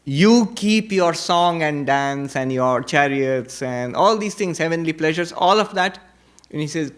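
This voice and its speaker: A man's voice: a little high, lively intonation, moderate pace. Man giving an emphatic spiritual lecture. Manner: storytelling, recites Sanskrit verses; emphatic repetition. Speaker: Vedanta teacher, monk.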